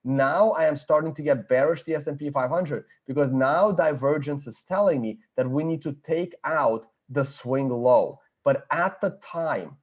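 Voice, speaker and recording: A man's voice: a little high, normal speed, few pauses, darkish tone, lo-fi sound. A man giving blunt, confident market analysis, thinking aloud as he walks through a chart. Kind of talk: screen-share chart analysis.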